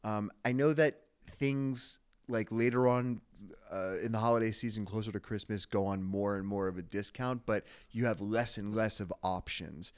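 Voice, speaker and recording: A man co-hosting a casual podcast, joking and offhand, pausing on fillers. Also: lowish voice, clear, resonant tone. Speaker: podcast co-host.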